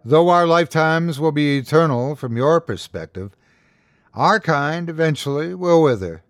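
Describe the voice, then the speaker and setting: A man voicing an ancient, horned, inhuman being that speaks calmly and with curiosity, slow and quietly menacing. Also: a little high, no echo, clean studio sound.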